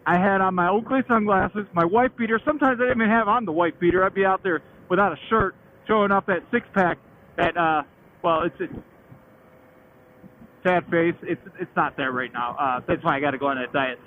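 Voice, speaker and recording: A motorcycle vlogger in his late thirties with a high voice tells a loose, slangy story about his riding days, speaking briskly, laughing often, and swearing casually. The sound is thin and tinny like a phone line, with light hiss underneath.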